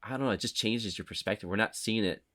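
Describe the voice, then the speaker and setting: A man's voice: lowish voice, fast, fairly bright tone, dry recording, clean studio sound. A man hosting a podcast in casual movie-review chat, rambling and apologetic, often circling back on himself. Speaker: podcast host.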